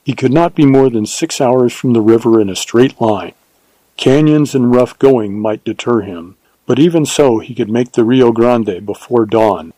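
Mellow male audiobook narrator. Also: medium pitch, a little slow, no room sound, low-quality recording. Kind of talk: scripted narration.

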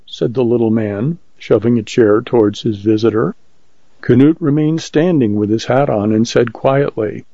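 A man reading a story aloud as narrator in a measured, even way. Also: mid-range voice, vocal fry, no echo. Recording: muffled lo-fi recording.

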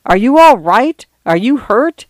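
A man voicing a panicked, furious father who yells in a shrill voice. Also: sing-song, a little slow, dry recording, clean studio sound, full character voice. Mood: alarmed. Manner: shrill yelling.

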